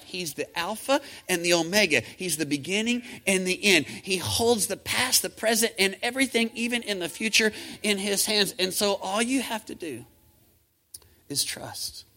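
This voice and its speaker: A pastor delivers a sermon in a church, his voice sitting high for a man. His tone is very bright and forceful. He builds emphasis and calls on the congregation to answer back. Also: expressive, moderate pace. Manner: preaching with rising emphasis, calling on the congregation to respond.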